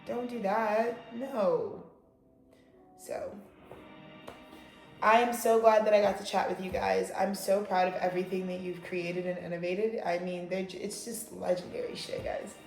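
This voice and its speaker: A woman's voice: medium pitch, fairly even intonation, normal speed, vocal fry, roomy sound, faint music behind. A woman giving a casual, rambling tarot reading, talking bluntly and swearing freely. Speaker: tarot reader.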